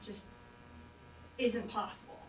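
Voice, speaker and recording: A woman speaking as a hypnosis client in a casual interview, hesitant and full of fillers. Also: slow. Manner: hesitant, many fillers, self-conscious. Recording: roomy, distant mic, noisy background.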